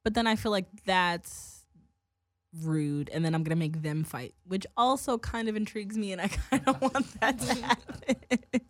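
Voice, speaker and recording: A woman's voice: medium pitch, moderate pace, no room sound. Profane, rambling young woman host. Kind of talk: casual chat.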